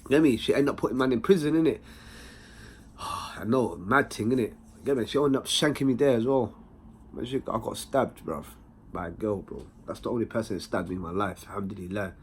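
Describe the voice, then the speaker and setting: A young man with a London accent telling a personal story in a slangy, animated way, full of tag questions. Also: on the low side, a little fast, a little hiss or hum. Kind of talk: casual anecdote.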